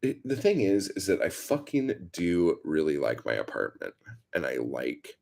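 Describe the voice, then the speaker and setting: A man with a low, gravelly voice tells a story on a casual livestream. His pitch moves around a lot as he rambles, swears and leans on fillers. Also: animated, a little slow, darkish tone. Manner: profane, rambling, filler-heavy. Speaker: livestream host.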